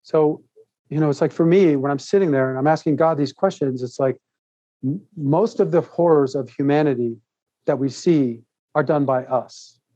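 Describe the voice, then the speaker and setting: A man tells a long personal story as a podcast guest, rambling and animated, often laughing between thoughts. His voice sits a little higher than most men's but sounds mellow and warm. The recording is dry and slightly muffled. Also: moderate pace, dry recording. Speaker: podcast guest, author and speaker. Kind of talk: casual interview storytelling.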